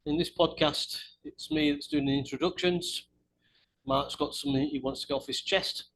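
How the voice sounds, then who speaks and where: A man giving a brisk, matter-of-fact introduction as podcast co-host before handing over. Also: on the high side, steady tone, a bit bright, a little hiss or hum, low-quality recording.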